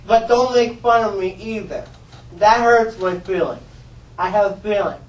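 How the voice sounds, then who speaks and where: A loud, joking, upbeat man, played by a performer on stage. The voice runs high and lively, and carries from a distance through an echoing hall. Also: measured pace. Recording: roomy hall, from far off.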